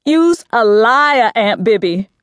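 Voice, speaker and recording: A woman's voice: high voice, expressive, drawn-out words, a bit bright, dry recording, studio quality, voice pushed up, exaggerated voice. Woman as a fiery streetwise young woman. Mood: defiant.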